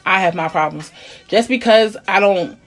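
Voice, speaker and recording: A woman in casual chat, talking bluntly and emphatically, often swearing, sometimes dropping to a low, quiet tone. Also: normal speed, faint music behind. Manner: blunt, profane, emphatic venting; drops to a low, quiet tone to make a point. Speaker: conversation partner.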